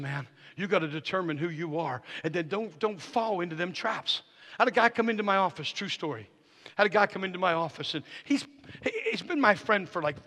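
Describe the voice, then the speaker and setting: A high-pitched man, appearing as a guest speaker, delivers a charismatic sermon in a church sanctuary, moving between hushed talk and shouted declarations. He tells stories with quoted dialogue, and the recording carries the long hall reverb of a church.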